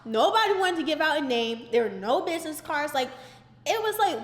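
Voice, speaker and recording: High-voiced woman ranting in a roomy space. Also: brisk. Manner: animated, exasperated, frequent "like" fillers. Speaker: vlogger. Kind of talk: casual storytime. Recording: roomy echoey indoor recording.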